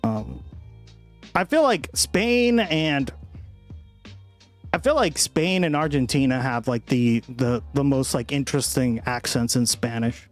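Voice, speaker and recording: A man's voice: mid-range voice, expressive, measured pace, faint music behind. Profane, rambling young man streamer. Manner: casual, profane, rambling with frequent "right?". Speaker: political livestream host. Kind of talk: casual livestream chat with viewers.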